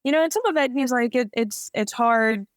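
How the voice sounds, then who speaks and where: A woman's voice: fairly high pitch, moderate pace, dry recording, studio quality. Chatty woman guest telling her story. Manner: chatty storytelling with many "like" fillers. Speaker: podcast guest. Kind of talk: casual interview chat.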